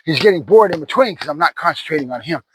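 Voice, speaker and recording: Talking fast in a fairly high, expressive voice, a man training a puppy outdoors narrates for the camera, cueing and praising the dog and tagging many of his points with "right?" The recording is very noisy.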